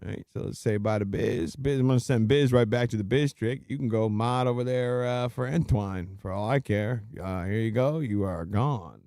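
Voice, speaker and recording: A man hosting a live stream, delivering a mocking, slang-filled rant and pausing to greet viewers. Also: lowish voice, dry recording, studio quality. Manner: animated, slangy, mocking rants; laughs and interrupts himself to greet viewers. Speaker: livestream host. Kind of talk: live stream reaction commentary.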